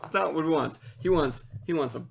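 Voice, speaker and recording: A man's voice: a little high, a little fast, creaky, a little hiss or hum. A man co-hosting a casual film-review podcast, chatty and easily exasperated by his friend's puns. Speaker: podcast co-host.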